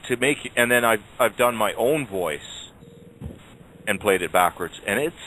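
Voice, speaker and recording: Low-voiced man, rambling radio chat. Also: animated, pushed and bright, rough recording. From Canada. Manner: rambling, halting with many restarts. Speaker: radio show regular. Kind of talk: casual chat. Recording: faint background noise.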